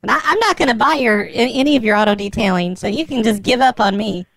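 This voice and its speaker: A man's voice: fast, fairly bright tone, no echo. A man putting on the voice of a cranky, accusing woman neighbor in a prank call, blunt and stammering. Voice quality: high, gravelly falsetto. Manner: blunt, scolding, stammers a lot.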